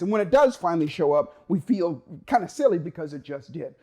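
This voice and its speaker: A man giving a motivational talk, energetic and emphatic, acting out the voice of a worried mind and stretching key words for effect. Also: high voice. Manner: energetic, acts out inner voices, drawn-out emphasis. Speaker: motivational speaker.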